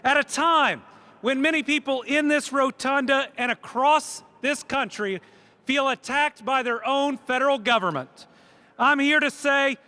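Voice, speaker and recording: A man's voice: very high-pitched, a little slow, sharp tone. A middle-aged man with a Kentucky accent giving an earnest, emphatic rally speech as governor. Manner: earnest, emphatic, preacherly cadence. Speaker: state governor. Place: large rotunda with a crowd. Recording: echoey rotunda with crowd.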